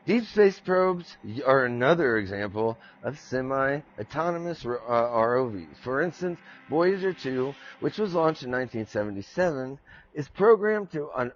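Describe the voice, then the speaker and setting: A man's voice: mid-range voice, animated, normal speed, muffled recording. An American man hosting a podcast, reading out facts and drifting into rambling, self-mocking jokes. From United States. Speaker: podcast host. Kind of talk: joking solo podcast reading.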